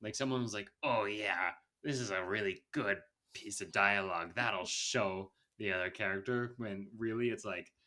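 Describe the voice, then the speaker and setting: Laughing, rambling male podcast host. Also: pushed and bright. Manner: rambling, laughs often, mimics lines in a higher voice. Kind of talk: casual chat about movies.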